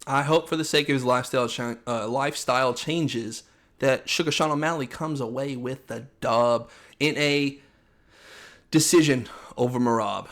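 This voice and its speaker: A young man co-hosting a casual chat show. He talks quickly and with firm opinions, often slipping into quick impressions of what coaches said. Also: mid-range voice, fairly bright tone. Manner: fast, opinionated, acts out coaches' lines in quotes. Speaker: podcast co-host.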